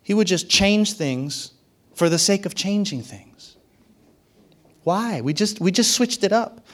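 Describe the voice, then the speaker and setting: Taking it slowly, a man preaches with an animated voice, emphatic and repetitive about his key phrases. His pitch swings widely, dipping into whispers and then rising sharply.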